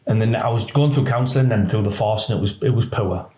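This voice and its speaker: A man, a retired police officer telling a personal story in halting speech that often quotes others. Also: on the low side, mellow. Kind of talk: emotional personal account. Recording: roomy echo.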